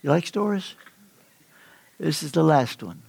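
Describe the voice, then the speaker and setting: Older male preacher, gravel in the voice, dry sound, storytelling delivery with big emphatic leaps. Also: a little high, sing-song, unhurried, a little mellow, no echo. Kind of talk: sermon.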